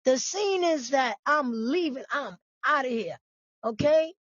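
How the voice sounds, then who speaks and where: Sassy new york lady vlogging, high voice, kinda dull lo-fi sound. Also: unhurried, no room sound. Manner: animated, sassy, talks straight to viewers. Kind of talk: casual commentary on news.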